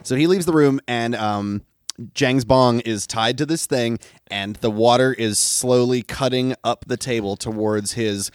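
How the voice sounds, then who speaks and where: A man co-hosting a comedy podcast, chiming in with playful quick interjections. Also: mid-range voice, clean tone, dry recording, clean studio sound. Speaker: podcast co-host. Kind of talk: improvised comedy storytelling.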